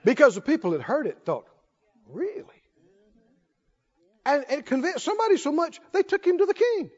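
A man's voice: very high-pitched, huge pitch swings, fast talker, a little mellow. A man preaching a sermon, telling the story in a folksy, humorous way and laughing often, recorded in a church. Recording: dull lo-fi recording in echoey hall.

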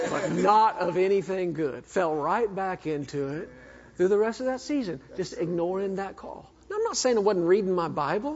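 A husky, fairly high-pitched man preaches, his voice carrying a long hall echo. He is an earnest minister who swings between fervent and hushed. The sound is slightly dull and muffled. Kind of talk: sermon with personal storytelling.

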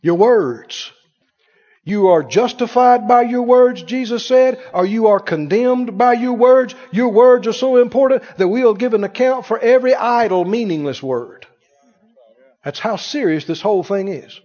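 A man preaching a sermon as pastor, emphatic, swinging from loud declarations to hushed asides. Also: very high voice, unhurried. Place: church sanctuary. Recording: dull echoing church hall.

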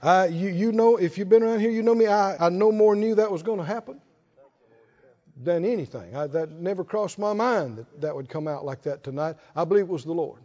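A man's voice: high-pitched, brisk, warm tone, in a large hall, dull audio. A man preaching a sermon, often asking the congregation to respond. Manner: rhetorical, asks the congregation to respond.

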